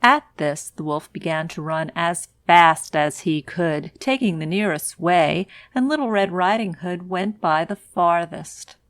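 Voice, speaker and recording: A woman storyteller reads a classic fairy tale slowly and deliberately for English learners. Her voice sits somewhat low for a woman, and the recording is dry and close. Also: no echo.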